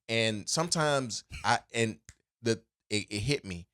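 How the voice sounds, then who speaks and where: This podcast co-host has a mid-range, animated voice that's smooth and fairly bright, delivered at a measured pace. Chatting casually, he tells a loose, rambling story with many fillers and restarts, laughing readily.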